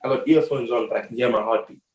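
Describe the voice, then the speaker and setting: A man's voice: medium pitch, fast, darkish tone. A young man from Zimbabwe, a rugby player guesting on a podcast, telling a story in a rambling way, full of "like" and "bro". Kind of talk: casual storytelling. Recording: echoey room, voice far from mic.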